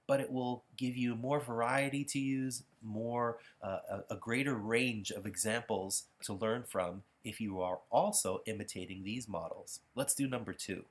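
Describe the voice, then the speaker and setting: A man giving a patient, explanatory pronunciation lesson while walking through practice software. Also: medium pitch, steady tone, normal speed, hardly any pauses. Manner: patient, explanatory, self-correcting. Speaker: pronunciation instructor. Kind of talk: software demonstration tutorial.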